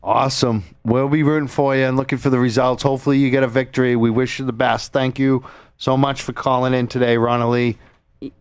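A man hosting a radio talk show, chatting loosely and excitably with a slight lisp. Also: medium pitch, fairly quick, clear, resonant tone, no room sound. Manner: loose, excitable and self-deprecating. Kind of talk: casual radio chat. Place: radio studio. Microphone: studio microphone.

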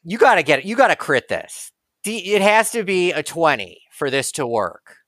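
A man's voice: a little high, very animated, normal speed, bright, forceful tone, no room sound. Man running a tabletop game, dry sound. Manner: casual, laid-back rulings. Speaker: game master.

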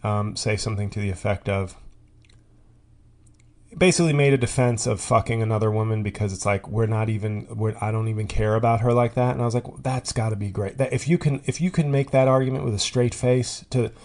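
A man's voice: lowish voice, fairly even intonation, a little fast, a little mellow. A man hosting a podcast, telling a rambling comic monologue full of tangents, fillers and restarts. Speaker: podcast host. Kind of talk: comedic monologue.

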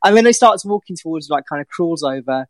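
A man's voice: a little high, animated, fast talker, no room sound. A man on a football podcast panel, telling stories animatedly and swearing casually. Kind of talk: casual chat.

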